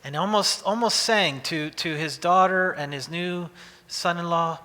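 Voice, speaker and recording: A man in his forties preaches in a relaxed, storytelling way, often restarting his sentences. His voice is bright and sits a little high for a man, and it carries a long reverb from a large hall. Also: measured pace. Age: 40s. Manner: conversational, anecdotal, with frequent restarts. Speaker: pastor. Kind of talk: sermon.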